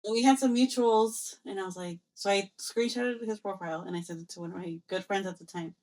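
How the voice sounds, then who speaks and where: A young woman co-hosting a podcast, telling a personal story in a casual, animated way and acting out both sides of past conversations. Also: mid-range voice, fairly quick. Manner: animated storyteller, acts out quoted exchanges, mixes in Spanish phrases. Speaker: podcast co-host.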